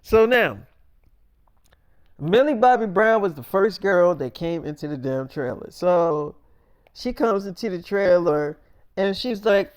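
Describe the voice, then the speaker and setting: High-voiced man, smooth and clear tone, casual, profane freestyle storyteller. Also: expressive, a little slow.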